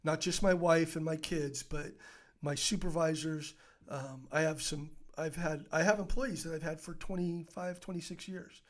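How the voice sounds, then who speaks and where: A man with a notably high speaking voice spins a rambling, animated story as a podcast guest. He acts out everyone's lines himself, drops in fillers and the occasional swear word, and keeps it conversational. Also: normal speed. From United States. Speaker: podcast guest, business owner.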